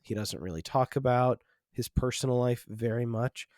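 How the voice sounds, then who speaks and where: Brief: male podcast host, mid-pitched, meandering and thoughtful, dry close-mic sound. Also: moderate pace, darkish tone, no room sound. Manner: rambling, many restarts and fillers, reflective. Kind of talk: casual film discussion.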